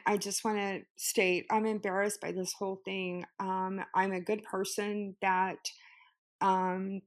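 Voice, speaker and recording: A woman actress telling an upsetting personal story in an interview, agitated and swearing, with many fillers. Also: medium pitch. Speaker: actress and guest.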